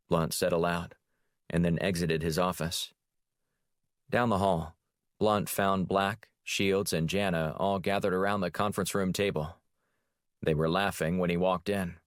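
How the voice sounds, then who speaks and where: Deep male narrator, steady audiobook delivery, dry studio sound. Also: measured pace, dry recording. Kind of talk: scripted narration.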